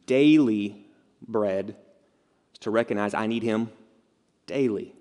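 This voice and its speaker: A man's voice: fairly low pitch, slow pace, a little mellow. A man preaching a sermon as pastor, conversational and direct, with rhetorical questions and casual asides. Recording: long reverb of a large hall.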